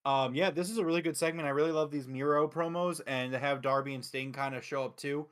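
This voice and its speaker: A man hosts a casual review show, talking with excitable energy and frequent swearing. His voice sits a little high, and he keeps slipping into quick quoted lines as he retells what happened. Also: smooth. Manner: excitable, profane, recaps with acted quotes. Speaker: wrestling show host.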